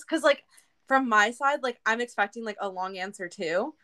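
A woman in casual podcast chat, talkative and animated, laughing often. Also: fairly high pitch, normal speed. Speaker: podcast co-guest.

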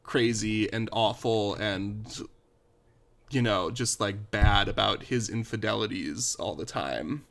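This man's voice sits fairly low and sounds gravelly yet slightly bright, and he speaks slowly. He co-hosts a podcast, recapping a TV show in relaxed chat that rambles on with plenty of "like" and the occasional sigh.

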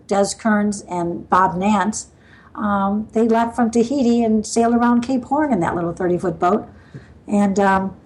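A woman's voice: medium pitch, a little mellow, poor audio. An older woman from the US Midwest, a podcast guest telling stories in a loose, rambling way, with frequent laughs and fillers. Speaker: guest sailor. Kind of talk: storytelling in a casual interview.

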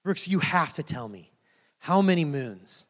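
A man's voice: a little high, big pitch swings, measured pace. A man voicing a tribal chief, an older man who keeps pressing urgent, repeated questions, in a sermon story. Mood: pleading. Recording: long reverb of a large hall.

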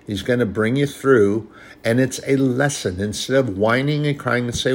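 A man's voice: medium pitch, moderate pace. A man preaching a sermon in an earnest, conversational way, often restarting his sentences.

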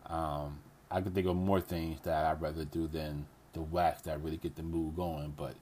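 A man leaving a casual voice message, relaxed and teasing, with plenty of slang. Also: very deep voice, moderate pace, a little hiss or hum.

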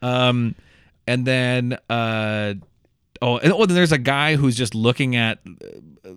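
A man co-hosting a podcast, animated and rambling in a casual movie review chat. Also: mid-range voice, slow pace, smooth, no echo, clean studio sound. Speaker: podcast co-host.

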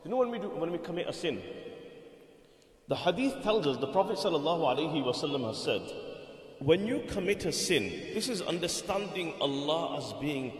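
A fairly high-voiced man preaches a sermon, pressing his points with repeated phrases and questions to the crowd. His voice rings out in a large, reverberant indoor hall. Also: animated, brisk.

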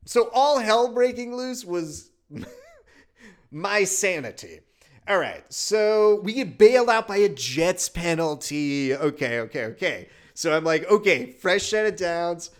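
A man's voice: high-pitched, lively intonation, measured pace. A man from Wisconsin hosting a casual sports podcast, ranting in an exasperated, profane way. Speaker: podcast host.

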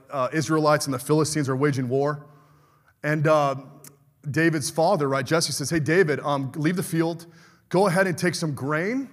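Fervent high-voiced male preacher. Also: in a large hall. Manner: fervent, calls for amens. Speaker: pastor. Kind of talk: sermon.

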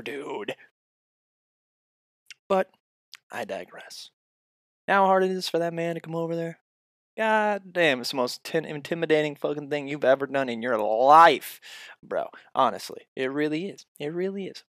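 A man delivering a profane comedic rant straight at the listener, swinging between loud outbursts and muttered asides. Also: a little high, lively intonation, measured pace, no echo, clean studio sound. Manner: heavy swearing, addresses the listener directly.

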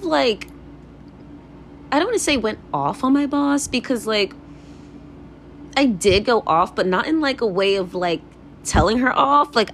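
A young woman hosts a casual solo podcast, rambling candidly with lots of fillers, swearing, and laughter. Her voice is a little high, and there's slight background noise.

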